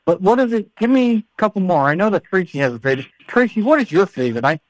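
A man's voice: sits high, sing-song, fast, no echo. A man hosting a podcast in casual, playful banter, joking and often repeating his words. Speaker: podcast host.

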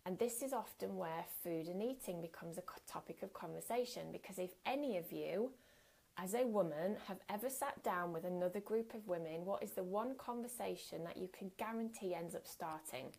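A woman's voice: on the low side, a little fast, gravelly, a little mellow. A woman giving a candid, earnest workshop talk as a coach, speaking conversationally with occasional fillers.

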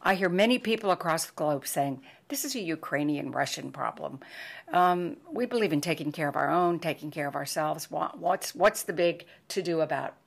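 Older american woman podcasting, low-ish voice, impassioned and pleading, goes loud then drops to a hush. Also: normal speed, gravelly. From United States. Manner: emotional, pleading, swings between loud and hushed. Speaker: podcast host.

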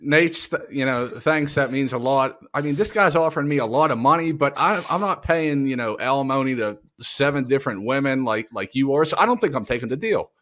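A man in comedy sketch banter, talking in a halting, hesitant, laid-back way. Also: mid-range voice, animated, a bit bright. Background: music.

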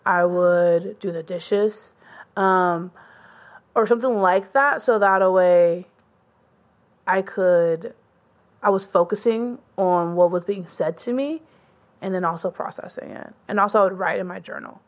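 A woman's voice: fairly low pitch, measured pace. A young woman hosting a casual chat, loose and conversational with many fillers.

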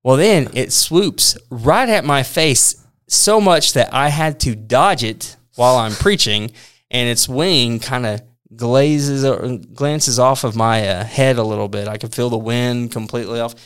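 Man, preacher type, easygoing storyteller, clear resonant tone, pokes fun at himself. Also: mid-range voice, unhurried. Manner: animated, self-deprecating, laughs often. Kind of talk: casual storytelling.

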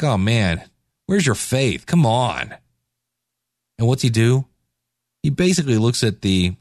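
A man's voice: on the low side, a little mellow, no room sound, clean studio sound. A man hosting a podcast, giving a casual devotional talk in a laid-back, conversational way with slangy asides. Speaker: podcast host.

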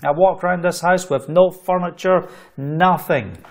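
A middle-aged man from the UK preaches a sermon in a high-pitched voice, speaking a little slowly. He tells a story with animation, acting out the voices of the people in it.

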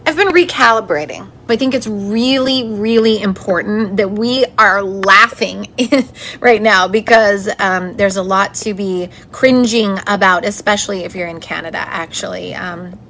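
A woman's voice: medium pitch, a little slow, a bit bright, a little hiss or hum. A woman hosting her own podcast, talking in a chatty, encouraging and upbeat way. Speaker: podcast host. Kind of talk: solo motivational podcast talk.

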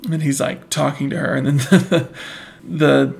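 Gravelly man chatting casually. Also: medium pitch, fairly even intonation, a little slow, a little mellow. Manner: chatty, laughs often, acts out lines from scenes. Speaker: podcast co-host. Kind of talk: casual chat recapping a TV episode.

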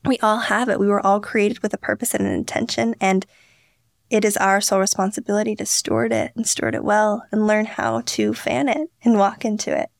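An earnest young woman tells stories on a podcast, slipping into quoted voices as she goes. Her voice carries a gravelly fry. The sound is dry and close. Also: mid-range voice, no room sound. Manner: earnest, storytelling, acts out quotes. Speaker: podcast guest, founder. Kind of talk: candid interview talk.

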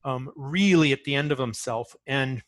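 A man's voice: mid-range voice, normal speed, no echo. A man speaking as an author in an interview, talking earnestly and often restarting his phrases as he tells a story.

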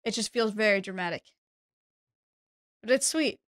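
A woman's voice: mid-range voice, moderate pace, fairly bright tone, no echo, clean studio sound. A young woman co-hosting a podcast, blunt and teasing in casual chat. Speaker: podcast co-host.

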